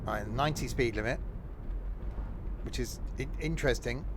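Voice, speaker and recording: A man's voice: mid-range voice, moderate pace, noisy background. A man giving rambling, self-mocking commentary while playing a driving game. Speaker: gaming streamer. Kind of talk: casual gameplay commentary.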